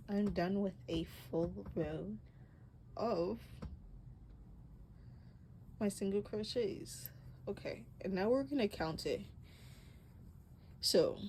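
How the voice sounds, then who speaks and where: A woman's voice: mid-range voice, slight background noise, rough recording. A young woman walking through crochet basics in a casual, chatty way, breathing hard and correcting herself as she goes. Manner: relaxed, chatty, self-correcting with little laughs. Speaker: crochet tutorial host. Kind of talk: casual how-to demonstration. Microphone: close mic picking up breathing.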